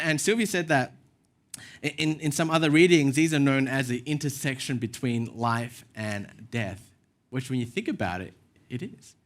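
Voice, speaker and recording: Male pastor, mid-pitch, chatty sermon storyteller, pokes fun at himself. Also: a bit bright. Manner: casual storytelling with self-deprecating asides. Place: church.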